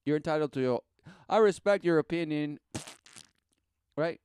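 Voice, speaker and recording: A man's voice: a little high, moderate pace, a little mellow, clear, resonant tone. A man giving a rambling, sarcastic, preachy commentary as he reacts to a podcast clip. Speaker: religious commentator.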